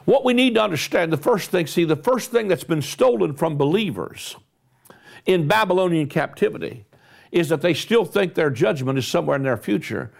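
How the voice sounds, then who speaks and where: A man's voice: on the high side, expressive, normal speed, vocal fry. A man preaching a sermon, emphatic, repeating and stressing words for effect, with rising bursts of intensity.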